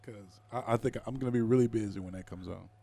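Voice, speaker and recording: A man co-hosting a radio talk show, giving quick, wry, evasive replies in casual banter. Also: fairly low pitch, creaky, mellow. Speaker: radio co-host.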